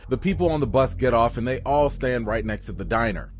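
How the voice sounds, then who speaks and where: A man hosting a casual recap of a TV series, talking in an animated, excitable way with joking asides. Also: mid-range voice, brisk, a little hiss or hum. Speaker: show recap host.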